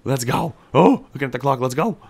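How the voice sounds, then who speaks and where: A man giving casual gameplay commentary. His pitch swings widely, jumping up high when the game excites him and dropping low when he mutters to himself. He talks to his character like a buddy. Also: brisk, creaky, breathy edge. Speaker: gameplay streamer. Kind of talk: casual let's-play commentary.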